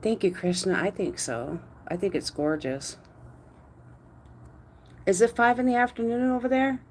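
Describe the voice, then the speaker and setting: A woman chatting casually on a live stream from her yard at night, talking to viewers and cooing at her dog in a high sing-song voice on a phone mic. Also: unhurried, slight background noise.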